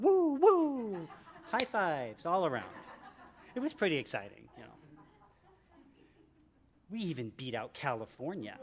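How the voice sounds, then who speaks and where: A man in his sixties from Michigan, reading from his memoir to a live audience in a library event room, animated and joking. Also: a little hiss or hum. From Michigan, USA. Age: 60s. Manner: animated and joking, with big swings in pitch and loudness. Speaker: author at a book event.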